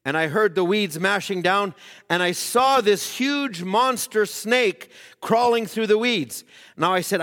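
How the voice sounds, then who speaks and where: A man preaching with a high-pitched voice, recounting a story at length and rising into fervent, emphatic cries. His voice rings out with the long reverb of a large hall. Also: a bit bright. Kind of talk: sermon.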